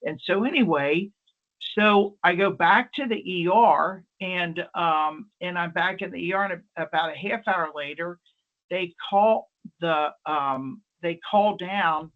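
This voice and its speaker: A man's voice: high voice, a little slow. Rambling man on a lo-fi call. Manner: rambling, chatty, many fillers and restarts. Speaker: nurse presenter. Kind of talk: online presentation, telling a story. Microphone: video call. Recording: dull lo-fi online call audio.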